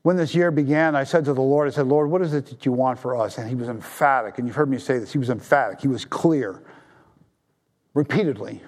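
A man preaching a sermon as pastor, swinging from raised appeals down to hushed, low tones for emphasis. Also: a little fast.

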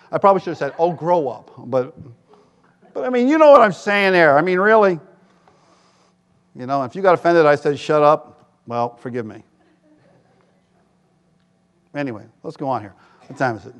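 A man preaching a sermon as pastor, animated, jumping to loud, high quoted voices and dropping into wry asides. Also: brisk. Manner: animated, rises to shouts for quoted voices, self-deprecating asides. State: tired.

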